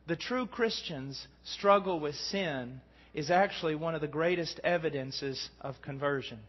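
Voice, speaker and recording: A middle-aged man preaching a sermon, earnest, swinging from hushed tones to shouting. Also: on the high side. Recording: dull recording in a long-reverb hall.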